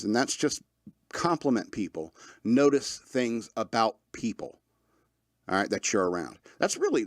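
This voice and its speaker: A man in his thirties rambles through a casual podcast monologue. He jokes and laughs often and fills his talk with fillers. His voice sits at a middle pitch and is recorded dry and close. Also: no room sound. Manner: loose, joking, laughs often, many fillers. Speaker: podcast host.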